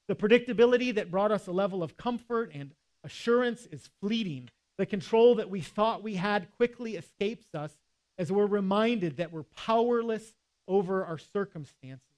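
A man's voice: high-pitched, a little mellow. A man preaching a sermon in a conversational way, with casual asides and quoted scripture. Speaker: pastor.

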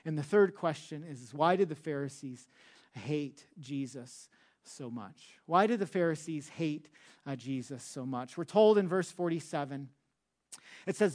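High-voiced, slow-preaching male pastor. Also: expressive, darkish tone. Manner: emphatic preaching, drawn-out words for stress. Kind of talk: sermon.

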